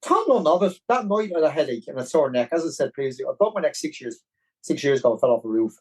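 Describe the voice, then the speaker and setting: A fast-talking man with a Dublin Irish accent tells his story in a casual, rambling way. His voice is fairly high and husky, and it swoops up and down constantly. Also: low-quality recording. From Ireland. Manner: animated, rambling, with many restarts. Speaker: podcast guest, marathon runner.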